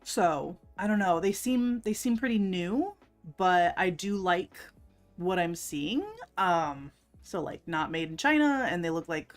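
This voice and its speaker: A woman's voice: fairly low pitch, lively intonation, unhurried. A woman hosting a casual livestream, chatty and giggly, greeting her chat by name. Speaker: livestream host. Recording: faint music underneath.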